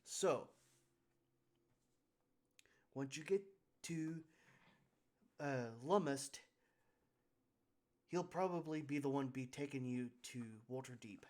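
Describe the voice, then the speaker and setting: A man voicing a brash gruff woman boss. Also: medium pitch, slow, pauses often, a little mellow, natural voice. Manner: blunt, crude, exasperated.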